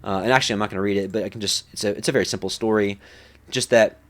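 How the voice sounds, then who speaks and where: A man's voice: on the low side, fairly even intonation, rapid-fire. A man leading a Bible study in a casual, conversational way, full of fillers and acted-out quotes. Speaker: Bible teacher.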